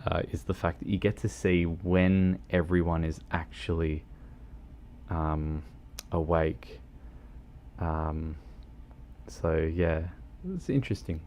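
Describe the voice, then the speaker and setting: A man's voice: sits low, a little mellow, a little hiss or hum. A man chatting casually on a gaming livestream, rambling and hesitant with lots of ums. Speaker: streamer.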